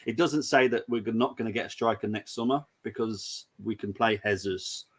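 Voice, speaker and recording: A man's voice: fairly low pitch, moderate pace. A man hosting a casual football preview show, chatty and giggly, reading out viewer comments. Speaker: host.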